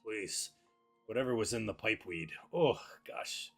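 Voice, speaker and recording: A man's voice: fairly low pitch, expressive, a little slow, fairly bright tone, faint music behind, full character voice. A man voicing a young woman who groans and complains of an upset belly. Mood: queasy. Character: queasy young woman after pipeweed.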